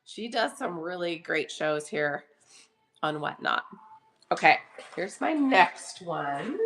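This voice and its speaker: A woman's voice: fairly low pitch, lively intonation, slow pace, pauses often, a bit bright, slight background noise. A woman hosting a live online auction from her home kitchen, chatting casually and greeting viewers by name while getting over a cough. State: recovering from a cough. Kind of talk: casual live-selling chat.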